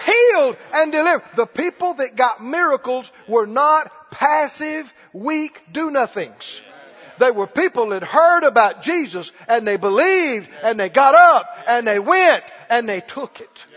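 A man preaching a sermon, emphatic, often shouting and repeating phrases. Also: very high-pitched, sing-song, unhurried, big-room sound, highs cut off, some chatter behind.

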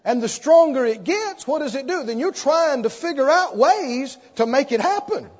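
A man preaching a sermon, telling an animated story and acting out the scenes as he goes. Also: very high voice, moderate pace. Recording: dull sound, long hall reverb.

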